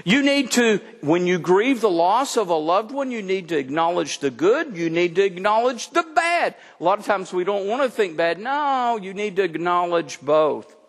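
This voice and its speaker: A man's voice: high voice, normal speed, few pauses. A middle-aged man preaching a sermon as pastor, talking in a conversational, folksy way. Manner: conversational, folksy, animated with laughs. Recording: long hall reverb.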